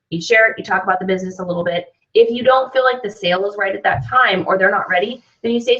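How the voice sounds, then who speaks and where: A woman's voice: mid-range voice, quick pace, few pauses, a bit bright. A woman hosting an online business training, talking in an upbeat, chatty way and often checking in with "right?". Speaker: host and sales trainer. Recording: dull lo-fi sound, slightly distant mic.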